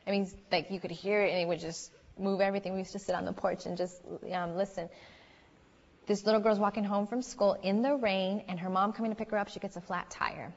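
A woman's voice: mid-range voice, steady tone, a little fast, highs cut off. Earnest woman preaching in a hall. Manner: earnest, chatty storytelling. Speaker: youth speaker. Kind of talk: sermon.

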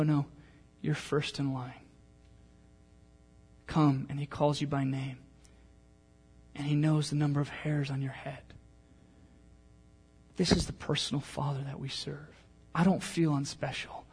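A pastor preaching a sermon, mixing a casual, joking story with a softer, earnest appeal to the congregation. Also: male voice, on the high side, little pitch movement, a little slow, pauses often, slightly rough.

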